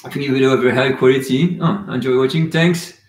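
A man's voice: medium pitch, quick pace. Guy chatting on a live stream, loose and rambly, reading out comments, roomy echo. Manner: casual, rambling, reads chat comments aloud. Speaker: cooking channel host.

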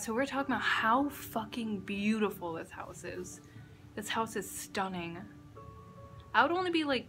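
A young woman talks straight into her camera in a casual reaction vlog, excitable and gushing, with a bright, forceful voice. She swears freely as she reacts, recorded on a camera mic indoors at a friend's house. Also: mid-range voice. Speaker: reaction vlogger.

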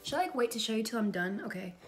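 This makeup YouTuber speaks very fast, her voice on the high side and her intonation lively. She rambles casually while drawing, poking fun at herself now and then, and music plays in the background.

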